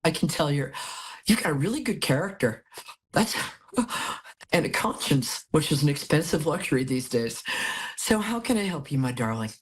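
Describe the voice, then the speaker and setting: Husky-voiced woman psychic host. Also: sits low, animated, normal speed, long pauses. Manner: chatty, affectionate, rambling. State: a little out of it after hospital. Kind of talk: live call-in tarot reading.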